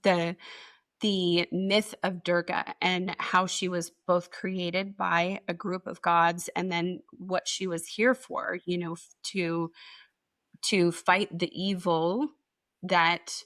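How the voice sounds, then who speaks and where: A woman's voice: lowish voice, level tone, slow pace, fairly bright tone. A woman co-hosting a podcast live stream, chatting animatedly, swearing freely and acting out quotes in her stories. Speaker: podcast co-host. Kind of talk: casual chat.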